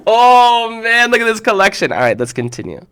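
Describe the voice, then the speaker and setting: An enthusiastic man hosts a children's program in a relaxed live chat, with a voice sitting a little high for a man. He exclaims often and slows down to repeat each punchline. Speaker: host of a kids' show. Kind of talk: casual live chat reacting to viewers' jokes.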